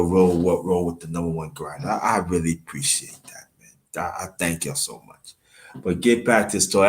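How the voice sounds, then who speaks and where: A man from Brooklyn speaks. He hosts his own livestream and tells a family story in a rambling, halting way. He keeps breaking off to greet viewers by name. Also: low voice, fairly bright tone. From Brooklyn, New York. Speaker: livestream host.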